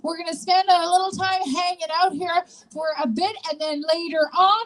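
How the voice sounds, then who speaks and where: A woman with a very high voice emcees a rally, upbeat and loud. She urges the crowd on and leads them in call-and-response chants. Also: fairly even intonation, normal speed, few pauses, poor audio.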